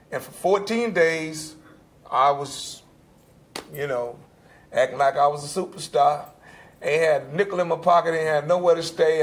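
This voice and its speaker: Gravelly older man telling a story. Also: fairly high pitch. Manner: animated storyteller, acts out quoted dialogue. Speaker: panelist. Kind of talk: personal story at a panel.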